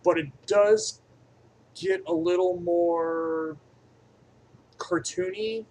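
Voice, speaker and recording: A man's voice: sits high, steady tone, very slow, slight background noise, rough recording. Crude, rambling man reviewing a movie. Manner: crude and profane, rambling aside-heavy delivery; enthusiastic, swinging between loud bursts and mumbled asides.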